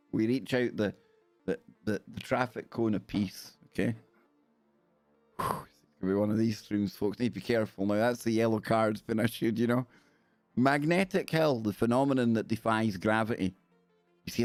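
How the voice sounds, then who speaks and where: A man's voice: medium pitch, no echo. A man with a Scottish accent hosting a live stream, chatting casually in a rambling, jokey way and talking to his viewers. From Scotland.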